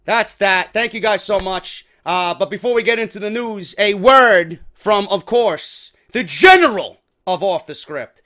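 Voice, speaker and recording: High, bright-voiced swearing New York man. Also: a little slow, hardly any pauses. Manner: heavy swearing, excitable. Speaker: wrestling show host. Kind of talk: casual unboxing chat.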